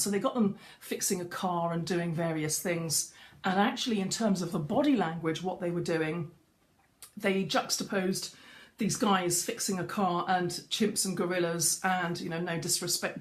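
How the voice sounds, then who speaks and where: A middle-aged woman giving a chatty live-streamed lesson as a voice coach, greeting viewers as she goes. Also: lowish voice. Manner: chatty, greets viewers mid-talk, frequent restarts. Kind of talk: facebook live coaching talk. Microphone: webcam or phone on a live stream.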